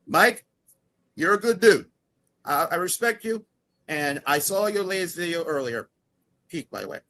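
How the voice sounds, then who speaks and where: A man's voice: high-pitched, animated, normal speed, sharp tone. A man as a guest in a heated argument, angry and swearing, repeating himself over and over.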